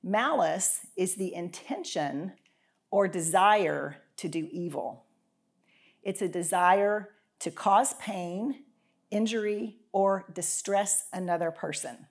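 A woman talks through a devotional in a relaxed, chatty way. Her voice sits a little low, and she stops to clear her throat from time to time. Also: slow. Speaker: podcast host and Bible teacher. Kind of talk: casual devotional talk.

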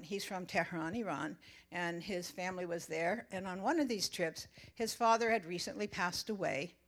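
An older woman sharing a personal faith testimony as a chatty, animated storyteller. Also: on the low side. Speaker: church member giving testimony.

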